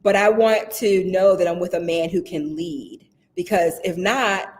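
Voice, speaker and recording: A woman's voice: on the low side, measured pace, darkish tone. A woman guest in casual conversation who tells stories with energy, acts out what people said, and laughs often. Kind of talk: casual chat.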